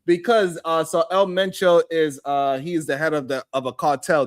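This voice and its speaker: A man's voice: a little high, moderate pace, hardly any pauses. A man hosting a live stream, chatting loosely with his co-host, swearing and joking. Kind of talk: casual chat.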